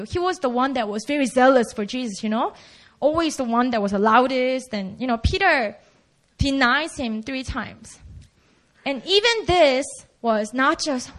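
A woman's voice: sits high, expressive, unhurried, fairly bright tone. A woman preaching a sermon in a casual, conversational way, acting out the quoted lines.

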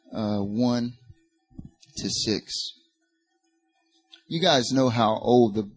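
A man's voice: medium pitch, a little mellow, husky. A man preaching a sermon, building to emphatic peaks and turning to the congregation with casual asides. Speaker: pastor.

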